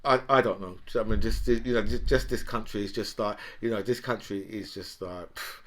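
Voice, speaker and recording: A man's voice: lowish voice, fairly even intonation, brisk, fairly bright tone. Rambling man ranting about politics. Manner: rambling, full of "right?" and "you know", profane. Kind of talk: casual political rant.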